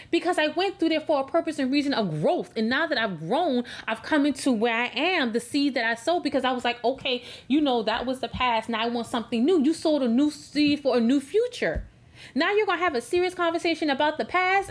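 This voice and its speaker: A woman's voice: sits high, big pitch swings, normal speed. A woman giving a tarot love reading in an emphatic, preachy way, repeating words for stress. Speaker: tarot reader.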